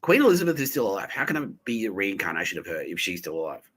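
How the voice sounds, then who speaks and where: A man's voice: sits low, lively intonation, fast, bright, forceful tone, low-quality recording. A man hosting a podcast, telling a rambling personal story full of swearing, fillers and nervous laughs. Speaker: podcast host.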